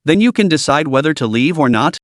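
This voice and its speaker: A man's voice: fairly high pitch, lively intonation, fairly quick, dry recording, close to an everyday voice. Give me a man playing a loyal henchman with polite sarcasm, in a dry close recording. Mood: sarcastic.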